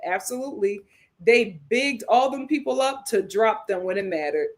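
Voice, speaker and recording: A woman hosting a casual commentary show, reading viewer comments aloud with sassy, animated reactions and frequent laughter. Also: mid-range voice, normal speed. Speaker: host.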